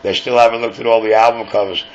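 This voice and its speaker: A radio show host with a New York accent rambles conspiratorially in casual late-night talk. His voice is on the low side, flat and fast. The lo-fi recording sounds dull, with faint hiss.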